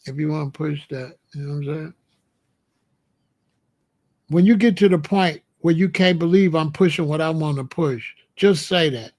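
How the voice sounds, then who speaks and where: A man hosting his own livestream, hitting back at the chat in a combative, profane rant. His voice sits fairly high for a man. He mocks viewers by mimicking them. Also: moderate pace, pauses often, darkish tone. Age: adult. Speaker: livestream host.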